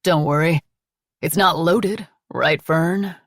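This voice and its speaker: A woman's voice: sits low, slow pace, dry recording, studio quality, heavily acted. A woman reading an audiobook, voicing an accused man who snaps out angry, clipped denials. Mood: mocking. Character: blustering middle-aged man accused and defiant.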